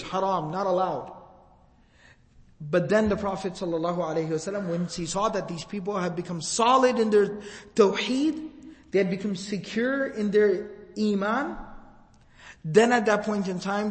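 A man giving a religious lecture, telling a story and quoting Arabic texts before translating them. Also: sits high. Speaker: Islamic lecturer. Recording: long hall reverb.

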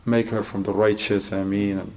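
A man giving a religious sermon in English, telling a story and acting out both sides of a conversation in a lively, rising voice. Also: on the low side, normal speed. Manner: acts out dialogue in an animated, rising voice; non-native English with Arabic religious terms. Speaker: Islamic preacher.

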